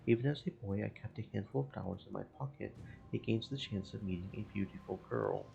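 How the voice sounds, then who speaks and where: A man's voice: lowish voice, fast, gravelly, mellow, lo-fi sound. A man voicing a proud, amorous Spanish fishmonger in a theatrical put-on Spanish accent, over game music. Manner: theatrical, lovesick.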